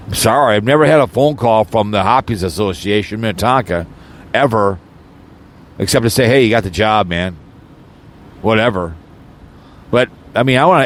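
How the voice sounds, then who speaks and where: A man delivers an angry, rambling audio rant with a mid-range voice. He loops back over his words, restarts sentences and slips into mocking sarcasm. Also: mid-range voice. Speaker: channel host. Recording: audio recording, no video.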